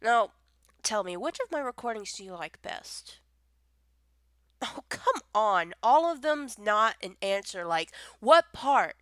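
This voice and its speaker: Slow-talking, giggly young woman. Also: mid-range voice, sing-song, a bit bright, no echo, clean studio sound. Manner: giggly, teasing, casual with frequent laughs. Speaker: audio role-play creator. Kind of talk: improvised intimate audio role-play.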